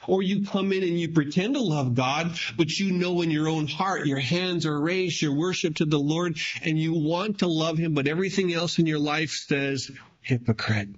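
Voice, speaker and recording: Guy preaching a sermon, kinda high voice, muffled lo-fi recording, goes loud then hushed. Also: moderate pace. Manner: preaching with emphatic swings between raised and low delivery. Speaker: pastor.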